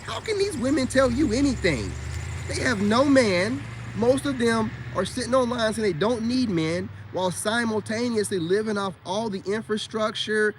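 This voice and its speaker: A man with a fairly high voice preaches straight to camera in a loose, emphatic monologue. He leans on street slang and keeps asking rhetorical questions. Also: lively intonation, moderate pace, slight background noise. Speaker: self-styled spiritual coach.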